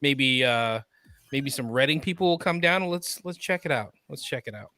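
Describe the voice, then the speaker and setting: A man's voice: mid-range voice, lively intonation, moderate pace, bright, forceful tone, smooth. A man co-hosting a casual pop-culture podcast, chatting enthusiastically and cracking jokes. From Sacramento area. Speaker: podcast co-host.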